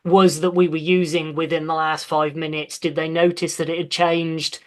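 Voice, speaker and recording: A man's voice: on the high side, level tone, moderate pace. A man hosting a casual podcast discussion, speaking thoughtfully and with some hesitation as he searches for words. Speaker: podcast host.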